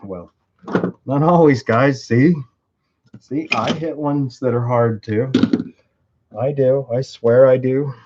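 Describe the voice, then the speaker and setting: A man's voice: mid-range voice, fairly even intonation, takes it slowly, long pauses, darkish tone, a little hiss or hum. Profane, rambling man in a workshop. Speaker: tool and engine video maker. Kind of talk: casual workshop demonstration. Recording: muffled audio with clear clicking.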